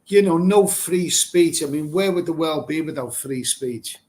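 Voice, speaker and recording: A middle-aged man from England runs a casual live stream and reads out viewer comments. He answers them bluntly, rambles and repeats himself, and swears without a second thought. His voice sits a little high for a man. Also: measured pace, a little mellow. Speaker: livestream host reading viewer comments. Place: Thailand.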